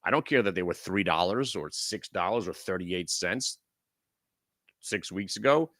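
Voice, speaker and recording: A man's voice: deep voice, expressive, moderate pace, a bit bright. A middle-aged man hosting a live stock trading room, ranting frantically with lots of swearing. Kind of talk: live market commentary.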